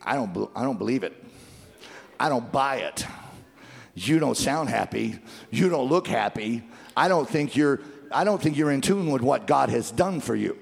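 A male pastor preaching a sermon at a church service, calling out for the congregation to repeat after him and building to fervent shouting. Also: mid-range voice, expressive, normal speed, gravelly, breathy edge, big-room sound. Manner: exhorting call-and-response with the congregation.

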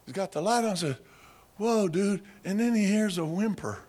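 A man preaching by telling a dramatic story, slow and vivid, acting out sounds and voices. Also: sits high, animated, darkish tone. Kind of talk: storytelling sermon.

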